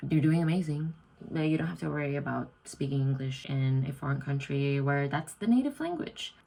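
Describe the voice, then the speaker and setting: A woman's voice: gravelly, mellow, low-quality recording. A young woman from Indonesia, chatting casually to camera in her student room at night. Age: young adult. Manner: chatty, self-deprecating, acts out quoted lines in a higher voice. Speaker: vlogger, exchange student. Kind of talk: casual talking-to-camera vlog.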